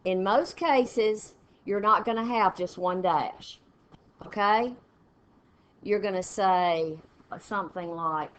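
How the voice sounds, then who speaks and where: A woman English teacher, walking a class through test punctuation questions step by step and reading example sentences aloud with pauses. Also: mid-range voice. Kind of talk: classroom test-prep lesson. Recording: dull lo-fi classroom recording with faint noise.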